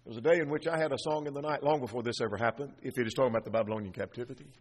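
A man's voice: mid-range voice, very fast, husky. A man preaching an expository sermon, earnestly piling up rhetorical questions. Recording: long reverb of a large hall.

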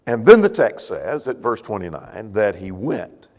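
A man's voice: fairly low pitch, big pitch swings, a little slow, a little mellow. A male preacher giving a sermon, explaining a passage step by step and asking rhetorical questions. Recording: long hall reverb.

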